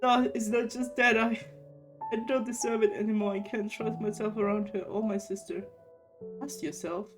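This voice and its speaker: A woman voicing a troubled young man in a game, speaking in a subdued, halting way. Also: mid-range voice, fairly even intonation, over music, lightly acted. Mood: ashamed.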